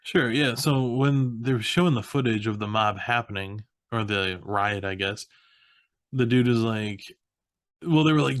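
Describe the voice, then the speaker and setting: A young man co-hosting a podcast, casually recapping a film in an animated way, acting out quotes and laughing often. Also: fairly low pitch, normal speed, no echo, studio quality. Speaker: podcast co-host. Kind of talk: casual movie recap chat.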